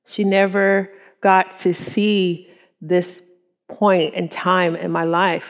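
A woman's voice: fairly low pitch, creaky. A middle-aged woman giving an earnest, conversational testimony to a women's group, often with ums and quoted thoughts. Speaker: women's ministry speaker.

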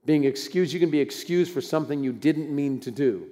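A man's voice: on the high side, a little fast, mellow. An older man preaching a sermon in a conversational, folksy way with bursts of emphasis. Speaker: pastor. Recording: long hall reverb.

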